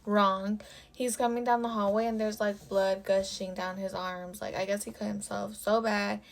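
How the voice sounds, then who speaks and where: A young woman tells a personal story for her vlog in a loose, offhand way. Her voice has a lot of gravelly vocal fry. She swears freely and fills nearly every phrase with "like.". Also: mid-range voice, level tone, normal speed. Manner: casual and profane, with constant "like" fillers. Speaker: storytime vlogger.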